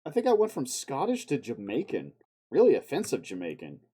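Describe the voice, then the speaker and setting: A man chats to himself casually while editing on a live stream, often cursing and sometimes bursting out loud. His voice is husky and warm in tone, and his pitch jumps around a lot as he reacts. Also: huge pitch swings, brisk. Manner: profane, muttering to himself, sudden outbursts.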